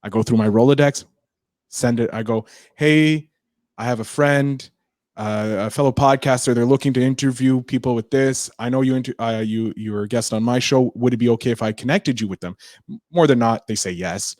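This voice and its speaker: A man being interviewed about podcasting, talking fast and animated with lots of restarts. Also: medium pitch, dry recording, studio quality. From Canada. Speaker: podcaster guest. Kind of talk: casual interview chat.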